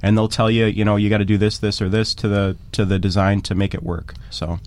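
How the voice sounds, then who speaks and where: A man on a radio talk show, explaining at length and stumbling over his words. His voice sits on the low side for a man. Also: little pitch movement, a little mellow. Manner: halting, many fillers and restarts. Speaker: guest. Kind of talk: radio interview.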